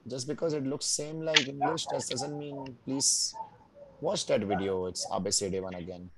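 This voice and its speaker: A man teaching a beginners' German class. He explains patiently, drills words slowly and keeps checking in with his students. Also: medium pitch, a loud crowd, rough recording. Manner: patient, checks in often with "right?" and "no?"; drills pronunciation slowly, word by word. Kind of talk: live online language class.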